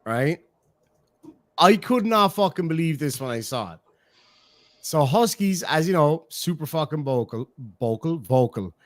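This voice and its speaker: A man's voice: fairly high pitch, expressive, a little slow, no echo, studio quality. An Irish man hosting a stream, chatting casually and swearing as he reacts to clips, laughing often.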